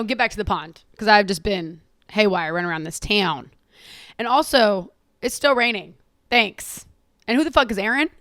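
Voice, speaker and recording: A young woman hosting a casual solo podcast, sassy and profane, laughing often and calling her listeners girl and queen. She is tired and a little hoarse. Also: medium pitch, a bit bright, no echo, studio quality. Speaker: podcast host.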